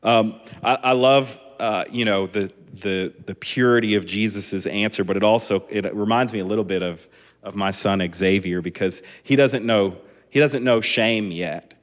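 A man in his thirties preaching a sermon as a pastor, relaxed and conversational with chatty asides. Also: lowish voice, moderate pace. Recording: long echoing hall reverb.

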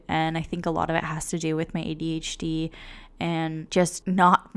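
A woman's voice: fairly low pitch, clear, resonant tone. A young woman vlogger talking casually and encouragingly to her viewers, with lots of "like" and "you know.". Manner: chatty and encouraging, says "like" and "you know" often. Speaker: lifestyle vlogger. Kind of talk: casual self-help talk to camera.

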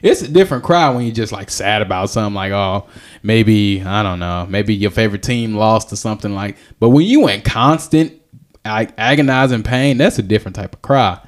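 A man's voice: fairly low pitch, fairly quick. A young man, telling a rambling, jokey story as a podcast host. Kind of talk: casual storytelling chat.

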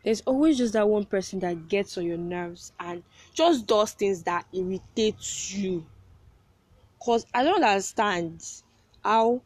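A woman's voice: medium pitch, animated, a little slow, darkish tone, no echo. A young woman in her first year at university, chatting to her viewers and telling a story with repeated words and frequent laughter. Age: young adult. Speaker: vlogger. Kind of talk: casual storytelling to camera.

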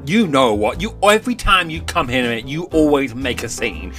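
A man voicing a flustered, bossy woman prime minister who keeps telling people to hush, with faint guitar music behind him. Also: medium pitch, very animated. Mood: scolding. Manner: scolding and hurried.

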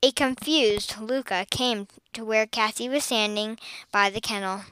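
Expressive female storyteller, clear dry read, slightly high. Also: measured pace, dry recording, rough recording. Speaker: narrator. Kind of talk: children's story reading.

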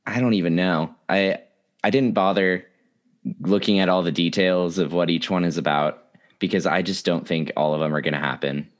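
Young guy with a really low voice chatting casually, laughs a lot. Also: fairly even intonation, normal speed. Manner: laughs often, easygoing. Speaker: podcast co-host. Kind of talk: casual chat.

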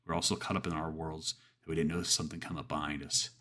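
A man narrating a first-person horror story, then reflecting earnestly on it with measured pauses. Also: very deep voice, little pitch movement, bright, forceful tone.

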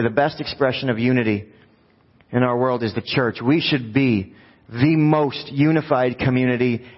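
A man preaching a conversational sermon, often asking the congregation rhetorical questions. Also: medium pitch. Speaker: pastor. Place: church sanctuary. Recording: dull sound with long hall reverb.

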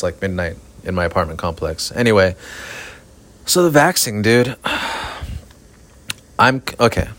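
Flat-voiced, profane man ranting. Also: sits low. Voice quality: monotone, flat delivery. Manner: profane, rambling, self-aware. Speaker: podcast host. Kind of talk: casual solo podcast rant. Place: outdoors at night near an apartment complex. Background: sprinklers.

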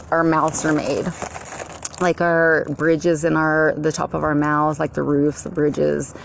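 A middle-aged American woman talks in a low, gravelly voice, wandering from thought to thought with plenty of ums and restarts. A faint hum of vehicle and outdoor noise sits behind her. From United States. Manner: rambling, meandering, with many fillers and restarts. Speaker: vlogger. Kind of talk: rambling personal monologue.

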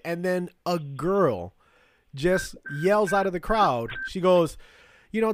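A man's voice: high voice, moderate pace, no room sound. A man hosting a casual podcast chat, rambling and swearing, with many fillers and restarts. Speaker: podcast host.

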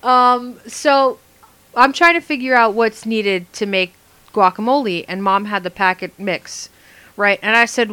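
Young woman, casual chat, animated storytelling, high-ish voice. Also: measured pace, clean tone. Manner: animated storytelling, laughs often.

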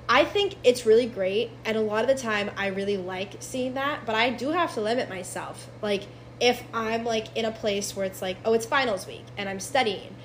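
A woman's voice: medium pitch, slight background noise, poor audio. A young woman guest on a podcast, earnestly explaining her views in casual chat with fillers.

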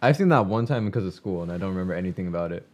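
A man chatting casually, blunt and flat, giving short answers. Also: deep voice, racing. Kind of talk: casual chat.

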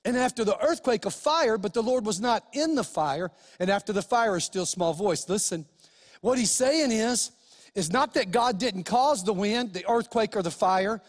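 A man's voice: high-pitched, lively intonation, moderate pace, in a large hall. A pastor preaching a sermon, emphatic and speaking straight to his listeners with rhetorical questions.

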